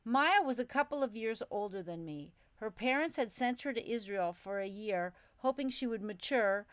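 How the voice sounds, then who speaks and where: A woman's voice: on the high side, expressive, normal speed, smooth, no echo. A woman narrating her memoir in a reflective, storytelling manner, as an audiobook.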